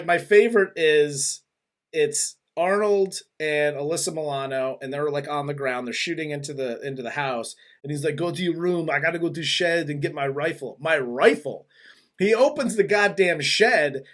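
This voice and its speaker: A man hosting a casual movie review chat, retelling scenes in a rambling, animated way with frequent laughs and swearing. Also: fairly high pitch, normal speed. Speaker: movie review podcast host.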